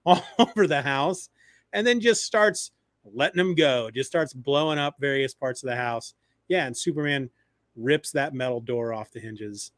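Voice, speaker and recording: A man co-hosting a podcast, retelling comic stories in a lively, animated way. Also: a little high, no echo, clean studio sound. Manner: animated retelling, acting out quoted lines. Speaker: podcast co-host. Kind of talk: casual chat about comics.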